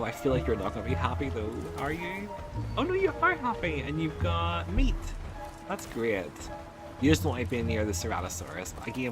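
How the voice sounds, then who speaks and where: A man giving excitable let's play commentary, cooing at the baby creatures in his game. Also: medium pitch. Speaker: gaming channel host. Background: game music.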